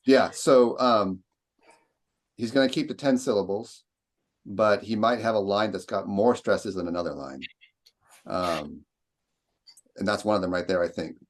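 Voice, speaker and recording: A man's voice: fairly low pitch, measured pace, long pauses. A man leading a seminar discussion, thinking aloud and reciting lines with exaggerated stress. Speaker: lecturer.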